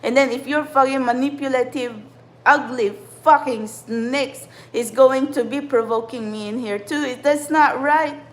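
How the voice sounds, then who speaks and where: A woman who channels spiritual messages vents to her viewers in an agitated, profane, rambling rant for her vlog. Her voice is high and a little slow, and the recording quality is low.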